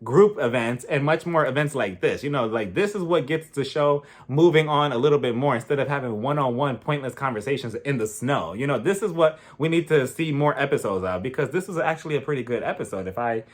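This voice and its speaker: A man recapping a TV episode in a casual vlog, animated and acting out scenes. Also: mid-range voice, brisk, hardly any pauses. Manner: animated storytelling, acting out others, frequent laughter. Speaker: TV episode reviewer.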